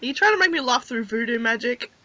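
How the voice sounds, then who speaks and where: A woman's voice: a little high, animated, quick pace, pushed and bright, dry recording. A woman reading a visual novel's narration aloud and chatting about it, giggly and chatty between the lines. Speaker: gamer, host. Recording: dull lo-fi audio.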